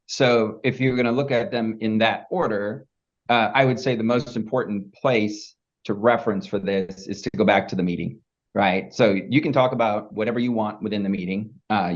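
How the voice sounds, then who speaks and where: A man's voice: lowish voice, dull audio. A man as a podcast guest, explaining methodically step by step and checking in with the listener. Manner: methodical, step-by-step, keeps asking "right?". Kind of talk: casual podcast interview.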